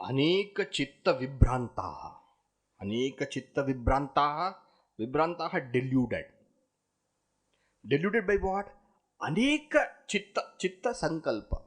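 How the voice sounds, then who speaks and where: A man giving a dramatic, animated discourse on scripture as a spiritual teacher. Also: on the high side, measured pace, pauses often.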